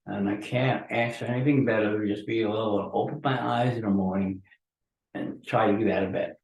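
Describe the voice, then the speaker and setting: A man's voice: lowish voice, steady tone, fairly quick, gravelly, darkish tone. A man hosting a podcast, rambling and ranting through a solo monologue while groggy from pain medication. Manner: ranting and grumbling. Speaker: podcast host. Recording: roomy echo from a distant mic.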